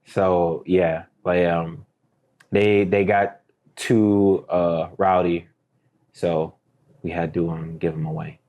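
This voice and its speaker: A man's voice: low voice, flat delivery, slow, muffled recording. A young man co-hosting a casual podcast, laid-back and joking. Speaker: podcast co-host. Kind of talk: casual chat.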